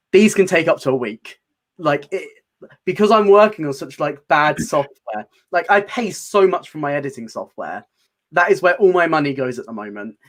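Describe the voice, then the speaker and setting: A man, a guest on a casual live chat, talking in a relaxed, rambling way. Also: on the high side. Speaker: guest theatre channel host.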